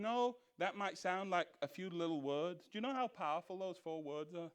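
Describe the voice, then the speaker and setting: A pastor leads a church Bible study with a somewhat high male voice. He is animated and fires off rhetorical questions. He briefly acts out the voices of scoffers. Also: normal speed, few pauses, clean tone.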